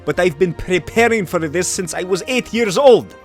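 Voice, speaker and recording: A man's voice: high voice, lively intonation, moderate pace, soft background music. A man voicing a bitter, jealous young Soviet secret police chief in a put-on Russian accent, talking in a whiny, resentful way.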